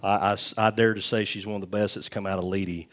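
Folksy pastor, low voice. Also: male voice, level tone, fast talker. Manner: folksy and rambling, with self-restarts and chuckles. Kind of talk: casual church talk before baptisms. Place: church sanctuary. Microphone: handheld microphone.

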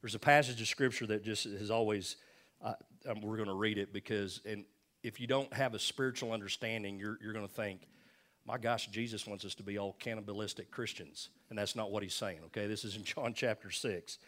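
An older man preaching from the pulpit with a low voice. He talks to the congregation like old friends, with folksy asides and repeated phrases for emphasis. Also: fairly even intonation, fairly quick, a bit bright. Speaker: pastor. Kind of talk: sermon.

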